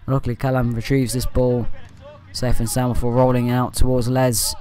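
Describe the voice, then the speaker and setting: A man's voice: medium pitch, moderate pace. Rambling amateur football commentator, man. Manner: rambling, leans on "anyway" and "uh" to move on; partisan, with excited bursts at good play. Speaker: fan channel commentator.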